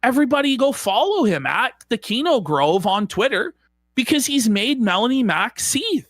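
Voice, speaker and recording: Sarcastic man with a lively voice. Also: very high voice, normal speed, no room sound, clean studio sound. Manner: sarcastic, reads out posts mockingly. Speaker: co-host. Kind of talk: profane casual commentary.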